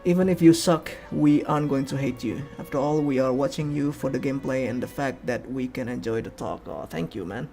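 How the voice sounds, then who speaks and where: A man's voice: mid-range voice, brisk, gravelly, hardly any pauses, darkish tone, faint music behind. A young man streaming a game, chatting in a rambling, casual way with clumsy grammar. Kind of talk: casual chat while playing a game. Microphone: desk microphone, no camera.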